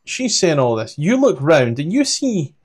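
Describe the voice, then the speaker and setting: With a fairly high pitch and a measured pace, a Scottish game master chats casually through his tabletop session. He looks things up as he goes, reading from his notes aloud in an easygoing, meandering way.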